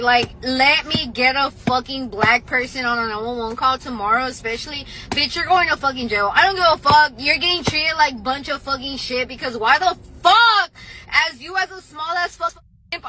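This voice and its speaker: A woman tears through an angry story full of swearing and loud bursts. Her voice sits high and cutting, and a faint hiss runs behind her. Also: poor audio. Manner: heated, profane, loud outbursts.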